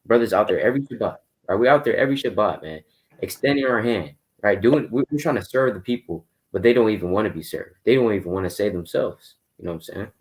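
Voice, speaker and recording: A man preaching casually in a Bible study, telling stories of his street outreach in quick bursts. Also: on the low side, lively intonation, darkish tone. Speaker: Bible teacher.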